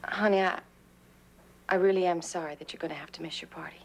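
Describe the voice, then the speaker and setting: A woman's voice: fairly low pitch, fairly even intonation, fast, gravelly, a little hiss or hum. A middle-aged actress playing a tired working mother in a 1980s TV drama, firm but apologetic with her teenage son.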